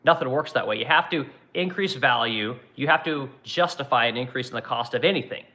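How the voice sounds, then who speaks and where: A man's voice: mid-range voice, fairly quick, bright, forceful tone, poor audio. A man running a livestream as a furniture manufacturer, reading chat comments and ranting bluntly with plenty of profanity.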